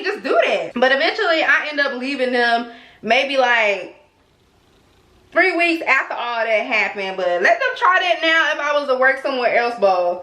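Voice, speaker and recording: A young adult woman telling stories in a casual, animated way while styling her hair, talking straight to her viewers. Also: sits high. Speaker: beauty vlogger. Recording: roomy echo.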